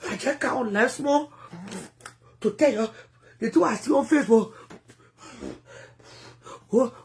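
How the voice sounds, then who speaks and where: A woman with a Liberian accent giving animated, rambling commentary in a casual vlog. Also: on the high side, unhurried, slight background noise. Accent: Liberian English. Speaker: vlogger.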